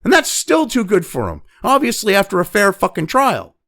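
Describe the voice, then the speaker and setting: A man's voice: high voice, wildly swooping pitch, moderate pace, gravelly, bright, forceful tone. A man hosting a commentary show, ranting angrily with constant swearing and mocking asides. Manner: angry, heavy swearing, mocking quoted voices. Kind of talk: profane opinion rant.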